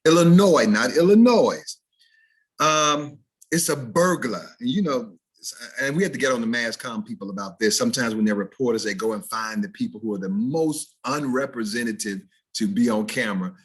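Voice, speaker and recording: A man with a Southern American accent lectures students over a video call. His voice is slightly husky and his delivery is animated, shifting into casual dialect to make a point before returning to careful speech. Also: mid-range voice, moderate pace. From Southern United States. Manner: animated, switches into dialect examples for contrast. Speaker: educator teaching diction. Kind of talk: recorded video-call presentation.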